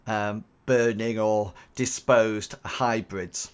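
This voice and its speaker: Unhurried male game master. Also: fairly low pitch, clear, resonant tone. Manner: relaxed, with many fillers. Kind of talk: narrating a tabletop game.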